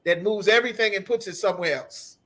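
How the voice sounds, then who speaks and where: Man, high-pitched, piercing tone, heated scripture breakdown, emphatic, swears a lot. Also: quick pace, a bit bright. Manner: emphatic, profane, repetitive. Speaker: scripture class teacher.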